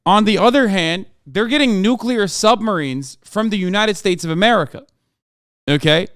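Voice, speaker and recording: Profane, animated male streamer. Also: high-pitched, moderate pace, clean tone, no room sound, clean studio sound. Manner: animated, profane, slangy, addresses chat as bro. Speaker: streamer host. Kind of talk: casual reaction commentary.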